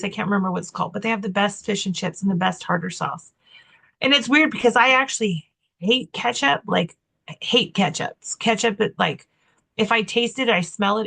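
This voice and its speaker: A woman's voice: medium pitch, gravelly, a bit bright. A middle-aged woman co-hosting a podcast, chatting casually and rambling, tired and with a slight lisp. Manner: chatty, rambling, self-deprecating. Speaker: podcast co-host. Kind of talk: casual chat.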